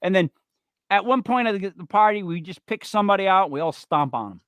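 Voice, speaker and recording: A man's voice: sits high, lively intonation, fast talker, a bit bright, smooth, no echo. A man hosting a live podcast, rambling and teasing his co-hosts, with lots of fillers. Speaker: podcast host. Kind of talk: casual banter on a live show.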